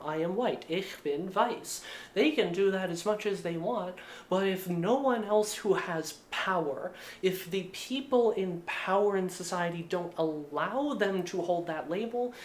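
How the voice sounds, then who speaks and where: A woman's voice: lowish voice, a little mellow. A woman narrating a video essay in a casual way, with lots of filler words. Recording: roomy echo.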